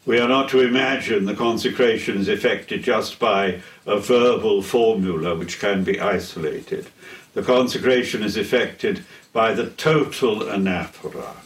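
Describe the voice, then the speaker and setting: An older man giving a theology lecture in a deliberate, solemn way, pausing between phrases. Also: lowish voice. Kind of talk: slow measured theology lecture. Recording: echoey room, heard from a distance.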